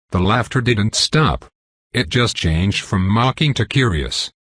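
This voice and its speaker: Husky low-voiced male narrator. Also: lively intonation, unhurried, a bit bright, no room sound. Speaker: audiobook narrator. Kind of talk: first-person audiobook narration.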